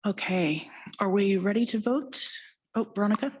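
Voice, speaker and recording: A woman chairing a county legislature meeting, briskly keeping the discussion moving. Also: medium pitch, a little mellow, husky, rough recording. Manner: brisk, keeps things moving. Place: council chamber.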